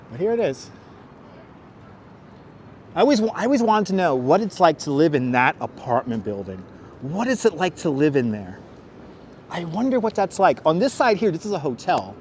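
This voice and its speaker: A man's voice: fairly high pitch, big pitch swings, moderate pace, long pauses, a little hiss or hum. A man with a Brooklyn accent hosting a live walking tour outdoors on a clip-on mic, rambling chattily and answering viewers' questions as he goes. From Brooklyn, New York. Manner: chatty, rambling, answers chat questions aloud, jokey asides. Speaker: livestream walking tour host. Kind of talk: casual live street-tour narration. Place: outdoors on busy city streets. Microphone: wireless clip-on mic, phone on gimbal.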